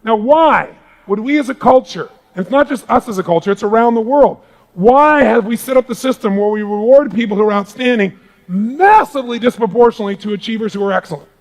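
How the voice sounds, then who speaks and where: A middle-aged man giving a live motivational seminar talk to a large audience in a hall, booming and energetic, swinging from hushed asides to shouting. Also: a little fast. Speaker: motivational speaker.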